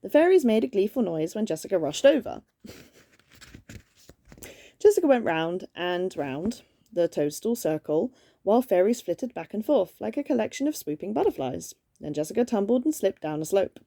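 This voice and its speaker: A woman's voice: medium pitch, very animated, normal speed, gravelly, mellow, no echo. A woman reading a children's gift book aloud at home in a playful, chatty way, stopping now and then to banter. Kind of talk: casual read-aloud storytime with banter.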